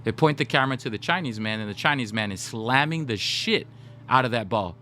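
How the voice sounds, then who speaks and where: Brisk, bright, and forceful, a young male livestreamer's medium-pitched voice has lively intonation over slight background noise. He's casually chatting with viewers, telling stories and talking right to the chat.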